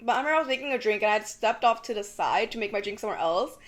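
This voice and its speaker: A young woman co-hosting a casual chat podcast, an animated storyteller who acts out her own panicked shouts and fills her talk with "like" and "girl". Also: mid-range voice, very fast. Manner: swears casually, says "like" and "girl" often. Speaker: podcast co-host.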